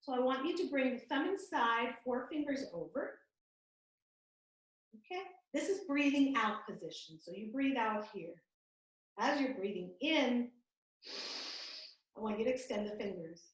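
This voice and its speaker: A woman leads a yoga class with a gentle, soothing manner and a slightly raised pitch. She sounds set back from her computer mic, and her voice rings in a very echoey room over the video call. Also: a little slow, pauses often, distant mic. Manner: gentle, calm, soothing cues. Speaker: yoga instructor. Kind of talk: guided yoga class instruction.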